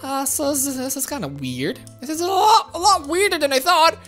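A woman giving excitable gameplay commentary, squealing, giggling and crying out in panic, with faint game music behind. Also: high-pitched, normal speed. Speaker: gaming video host.

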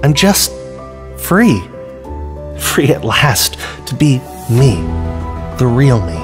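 A man voicing a meek, grateful grape-candy mascot in a comedy sketch ad with a squeaky, put-on voice. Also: sing-song, slow pace, music in the background. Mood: earnest.

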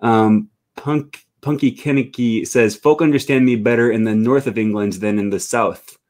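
A man hosting a live stream, talking in a loose, rambling way full of fillers as he reads viewer comments aloud. His voice sits at a medium pitch and sounds like it comes over a video call. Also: steady tone, normal speed, darkish tone. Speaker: host.

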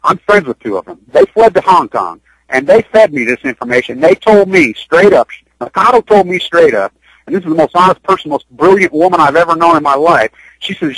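High-voiced guy ranting on a radio interview, dry sound, keeps circling back. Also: animated, a little fast, fairly bright tone, no echo, rough recording. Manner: urgent, rambling, repeats himself. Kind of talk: impassioned radio interview talk. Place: Utah.

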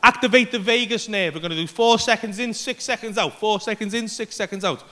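A man doing animated stand-up storytelling in a comedy club, swearing freely and acting out voices. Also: sits high, a little fast. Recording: live comedy club set.

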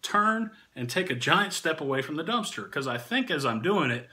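Man, casual storytelling, animated, laughing through it, lively swooping voice. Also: a little high, moderate pace. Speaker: channel host and storyteller. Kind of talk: casual anecdote telling.

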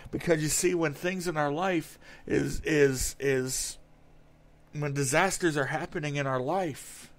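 A man's voice: fairly high pitch, unhurried. A man preaching a sermon in an earnest way, reading verses aloud and often repeating words as he goes.

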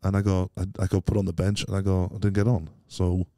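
A man's voice: low-pitched, little pitch movement, fast, mellow, no echo, studio quality. A Welsh man telling rambling, self-doubting stories as a guest in a casual interview, swearing bluntly. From Wales. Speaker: podcast guest.

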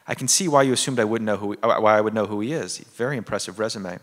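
A brash, teasing Israeli man full of swagger, voiced by a man reading from his novel. The voice sits a little low and is heard with a long theater-hall reverb. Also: quick pace. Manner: read aloud in a lively, deadpan storytelling tone.

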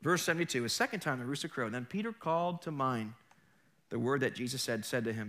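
A man preaching a sermon as pastor, telling stories with animated energy and joking with the congregation. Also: mid-range voice, fast. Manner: animated storytelling, mimics accents, jokes with congregation.

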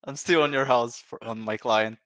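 A tired male game contestant chats in an offhand way. His voice is bright and sharp. It sounds crisp and clean, sitting at a middle pitch. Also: normal speed. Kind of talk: casual chat.

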